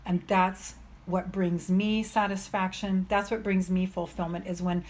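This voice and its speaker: A woman coaching on self-love in an energetic, chatty motivational live stream, with many fillers. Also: fairly low pitch, measured pace.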